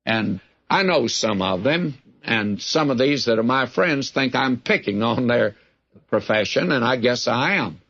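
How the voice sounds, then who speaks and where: A man's voice: medium pitch, expressive, a little slow, a bit bright. A man teaching the Bible verse by verse on the radio in a plain-spoken, folksy way with wry asides. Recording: dull lo-fi radio broadcast recording.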